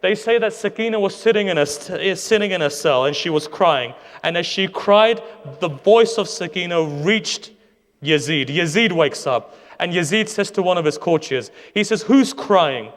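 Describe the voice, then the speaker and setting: A man's voice: high voice, normal speed, fairly bright tone. A man preaching a sermon, telling a sorrowful story with impassioned rhetorical questions to his audience. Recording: long hall reverb.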